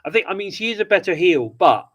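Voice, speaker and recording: A British man co-hosts a wrestling review podcast, chatting casually and rambling with plenty of restarts. His voice sits high and is expressive, fast and a bit bright, on a low-quality recording.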